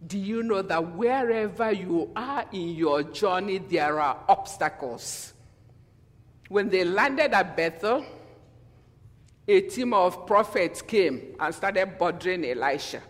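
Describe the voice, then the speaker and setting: Animated man preaching in a reverberant church. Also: high-pitched, slow pace. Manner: animated, acts out quotes in different voices; asks the congregation questions. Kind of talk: sermon. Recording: long hall reverb.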